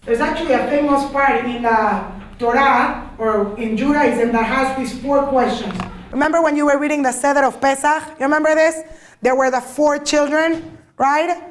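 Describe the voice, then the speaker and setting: A woman giving an informal talk to a group, lively and always asking her listeners questions. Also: sits high, moderate pace. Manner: lively, asks the audience many questions. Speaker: lecturer.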